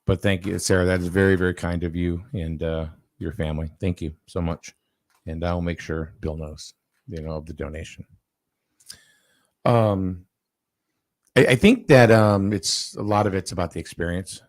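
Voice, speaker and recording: A man's voice: low voice, fairly even intonation, moderate pace, no room sound. A man hosting a casual chat, telling a long story with lots of fillers and restarts. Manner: rambling, with many fillers and restarts.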